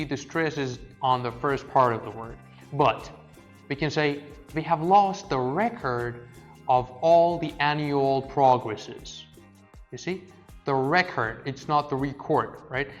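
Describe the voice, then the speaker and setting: A young man teaching English pronunciation in a scripted online lesson, explaining carefully, stressing syllables and often checking in with "right?". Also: mid-range voice.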